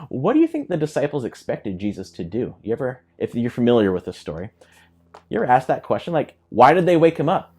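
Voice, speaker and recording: Animated man preaching a sermon. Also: a little high, slightly rough. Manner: animated, acts out quoted voices with laughs. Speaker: pastor. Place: church.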